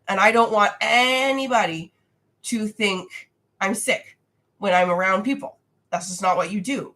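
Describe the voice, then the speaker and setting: A woman's voice: medium pitch, unhurried, a bit bright. A young adult woman hosting a casual livestream Q&A from home, talking frankly and reading viewer comments aloud, her voice congested and nasal from a recent cold. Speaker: livestream host answering viewer questions.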